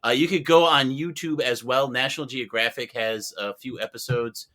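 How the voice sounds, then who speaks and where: A man on a podcast panel, recommending a film with dry, deadpan humor. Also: medium pitch, moderate pace. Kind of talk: casual podcast chat.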